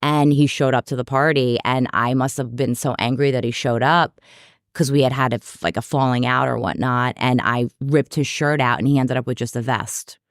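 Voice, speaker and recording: A woman from New York, a podcast guest and therapist, telling candid stories in an animated, self-deprecating way. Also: rumbling low, normal speed, dry recording, studio quality. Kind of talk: candid storytelling in conversation.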